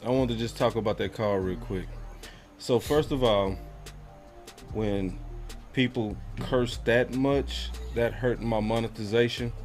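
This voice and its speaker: A man's voice: medium pitch, steady tone, measured pace, darkish tone, soft background music. A man hosting a live sports show, talking casually and directly to his viewers. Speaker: host.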